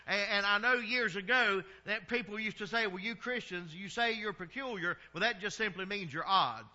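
High, bright-voiced Southern pastor preaching. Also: male voice, muffled recording. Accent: Southern American. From American South. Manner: folksy preaching, drawn-out vowels, chuckles at his own stories. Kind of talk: sermon.

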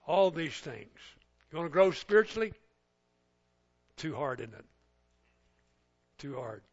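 A preacher delivers his sermon with animated flair, slipping into little acted-out scenes. His voice is bright and a little raised in pitch. The recording sounds muffled and lo-fi. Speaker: pastor.

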